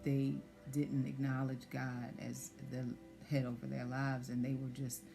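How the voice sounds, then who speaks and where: Woman guest, flat gravelly delivery, dark tone, faint music under, hesitant testimony. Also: rumbling low, measured pace. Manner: soft-spoken, hesitant, many fillers. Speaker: guest sharing pregnancy loss story. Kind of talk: personal testimony conversation.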